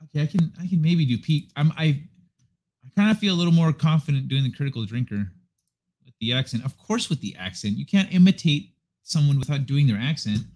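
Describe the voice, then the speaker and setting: A man's voice: on the high side, expressive, brisk, warm tone. A man hosting a casual livestream chat, rambling and talking to himself while he sets things up. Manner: chatty, rambling, self-talk while setting up. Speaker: livestream host.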